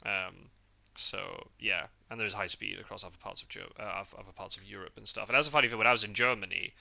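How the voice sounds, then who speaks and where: A man from the UK hosting a podcast in a relaxed, rambling chat, full of fillers and restarts. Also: on the low side, fast, creaky. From United Kingdom. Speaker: podcast host. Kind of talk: casual chat. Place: parked car.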